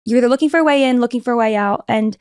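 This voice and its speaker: Young woman podcast guest, animated chatty storyteller, dry close mic. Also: on the high side, smooth, no room sound. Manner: fast, animated storytelling with many fillers. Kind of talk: casual interview talk.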